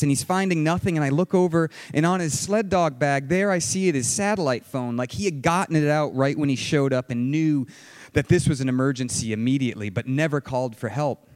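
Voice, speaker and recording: A young man telling a dramatic personal story, vivid and excited, acting out shouted quotes. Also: a little high, no room sound. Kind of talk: personal story told to an audience.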